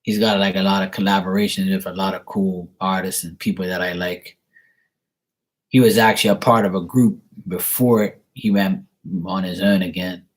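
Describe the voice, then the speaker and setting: Low-ish guy reading cards for viewers, rambly, lots of you know, swears a bit. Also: steady tone, moderate pace. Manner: blunt, swears casually. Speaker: tarot reader answering viewer questions. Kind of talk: casual live-stream chat.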